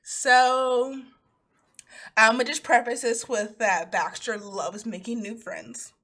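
A woman's voice: a little high, slow. A woman in casual chat, swearing freely and laughing often as she tells stories. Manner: laughing, profane, animated storytelling.

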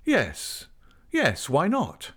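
A man voicing an insistent, hot-tempered gentleman suitor who questions forcefully. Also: fairly high pitch, huge pitch swings, drawn-out words, slightly rough, pitched above the performer's own voice, full character voice.

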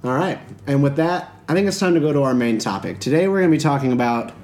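A man hosting a podcast, talking in a brisk, upbeat, casual way with the odd filler. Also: mid-range voice, lively intonation, darkish tone, faint music behind. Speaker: podcast host.

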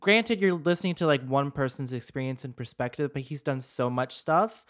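A man co-hosting a podcast in casual chat, hesitant, with many pauses and stumbles over his words. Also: medium pitch, fairly bright tone. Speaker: podcast co-host.

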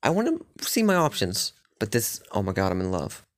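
A man's voice: on the low side, wildly swooping pitch, fairly quick. A man casually recapping his playthrough of a fantasy game, rambling and swearing with lots of filler words. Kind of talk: casual chat.

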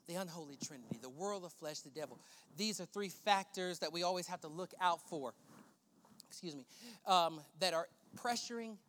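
A male pastor preaching a sermon, swinging between loud emphatic preaching and hushed, prayerful murmurs. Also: fairly high pitch. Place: church sanctuary. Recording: long church hall reverb.

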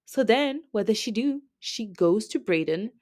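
A woman's voice: mid-range voice, animated, a little slow, a little mellow, no room sound, studio quality. A woman podcast host with a French accent, rambling through a casual recap full of filler words. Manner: rambling, chatty, heavy use of filler words.

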